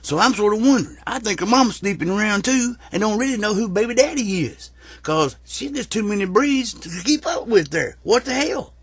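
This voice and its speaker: A man's voice: sits high, animated, a little fast, slightly rough, no echo. A man delivers a rambling, profane, folksy rant as a comic vlogger. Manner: rambling, profane, drawling storyteller.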